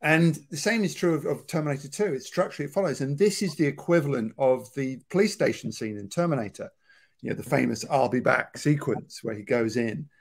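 A man's voice: medium pitch, a little fast, gravelly. A man who writes about film, giving thoughtful, explanatory commentary on a movie over a remote video call.

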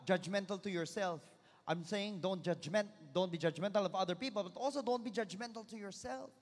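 A man's voice: high voice, a little fast, in a large hall. A man preaching a sermon at a festival, calling out to the crowd and switching into Tagalog. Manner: lively, calls on the crowd, mixes in Tagalog. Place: large hall or venue.

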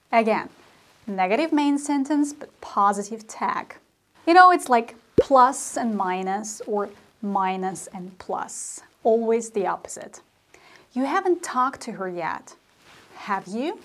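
A woman teaching a grammar lesson, explaining slowly and deliberately with spoken example sentences. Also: fairly high pitch. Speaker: language teacher.

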